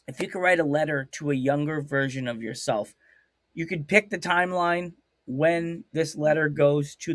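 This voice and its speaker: A man's voice: fairly high pitch, no room sound, studio quality. A man hosting a live-streamed interview show over a video call, rambling and joking at his own expense. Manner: rambling, jokey, self-mocking. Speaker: podcast host.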